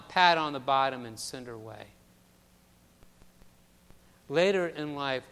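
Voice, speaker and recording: A male pastor preaches in a high, smooth and resonant voice, moving between hushed storytelling and loud emphasis. The sound carries the long reverb of a large church sanctuary. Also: animated, moderate pace. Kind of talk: sermon.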